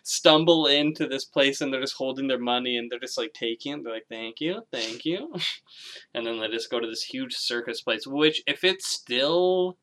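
A man's voice: medium pitch, moderate pace, pushed and bright. A man in casual conversation about a film, retelling scenes with laughs, swearing and acted-out quotes.

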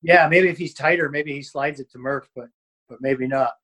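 A man's voice: mid-range voice, normal speed, fairly bright tone, poor audio. A man, a former hockey player, telling stories in a casual interview, rambling with lots of fillers and restarts.

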